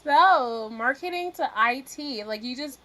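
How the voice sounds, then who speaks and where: Soft-spoken woman interviewer, slightly high. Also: expressive, unhurried, a crowd in the background. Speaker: tech journalist, co-host. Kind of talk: interview questions.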